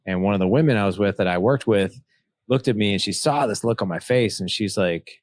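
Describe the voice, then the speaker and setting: A deep-voiced man in his forties speaks in a candid, reflective way, slipping into the voices of people from his past. The recording is dry, with no room sound. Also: brisk, darkish tone, dry recording. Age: 40s. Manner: earnest, reflective, acts out dialogue from memory. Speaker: podcast guest, author. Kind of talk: candid personal storytelling.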